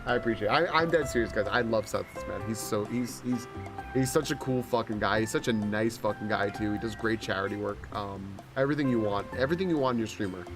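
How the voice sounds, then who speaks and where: A man's voice: lowish voice, fast talker. A man streaming a video game live, talking casually and swearing a lot. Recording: game music behind.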